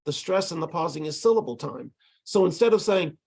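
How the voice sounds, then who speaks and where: A man's voice: on the high side, lively intonation, fairly quick, vocal fry, a little mellow, slightly rough. A man teaching language tutors in an online lecture, explaining step by step and tapping out rhythms with syllables, heard over a video call. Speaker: ESL instructor training tutors.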